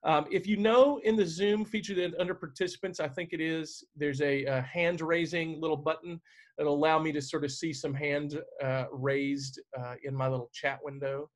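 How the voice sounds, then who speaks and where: A man's voice: a little high, steady tone, moderate pace. Chatty man talking on a video call. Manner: chatty, friendly, full of fillers and restarts. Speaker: guest stage manager answering questions. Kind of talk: casual talk on a video call.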